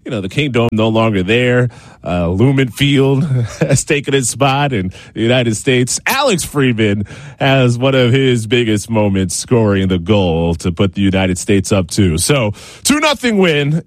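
A male sports anchor reads his scripted lines in a brisk, measured way. His voice is middle-pitched and recorded dry and close, with no room sound. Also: animated, dry recording. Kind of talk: scripted news reading.

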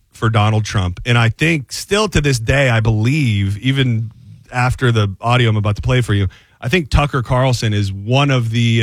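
A man's voice: mid-range voice, no room sound. A man hosting a radio talk show, chatting loosely with many fillers and restarts.

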